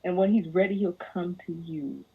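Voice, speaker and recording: Young woman podcast guest, lower husky voice, lively mocking rants over a thin tinny line. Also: moderate pace. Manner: animated ranting, mocking put-on voices. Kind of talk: casual podcast chat. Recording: tinny phone-like audio.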